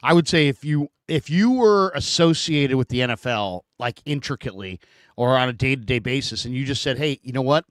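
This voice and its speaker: A man from San Francisco hosting a casual sports talk show, telling stories with lively put-on voices. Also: medium pitch, brisk, no echo. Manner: animated storyteller, acts out shouted voices. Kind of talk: casual sports podcast chat.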